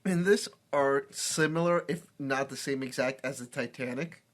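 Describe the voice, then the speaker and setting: A man's voice: medium pitch, moderate pace, a bit bright. A man joining a casual comedy podcast chat, chiming in to compare movies.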